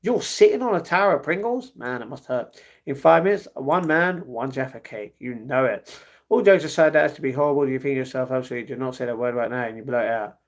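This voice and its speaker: A man's voice: mid-range voice, fast. A young man hosting a casual livestream, chatting loosely and replying to viewers' comments one after another. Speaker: livestream host reading chat.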